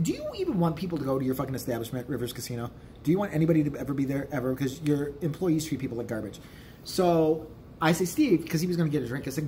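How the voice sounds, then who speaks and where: A man's voice: fairly high pitch, warm tone, slight background noise. A man telling a rambling, profane story in a casual vlog. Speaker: vlogger.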